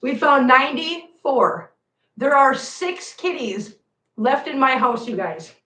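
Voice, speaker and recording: A woman's voice: high-pitched, animated, slow pace, pushed and bright. A woman hosting a home livestream, chatting and scolding her cats in a playful voice. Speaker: cat channel host. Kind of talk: livestream chat while counting cat treats. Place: room at home. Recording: echoey room, voice from afar, faint noise.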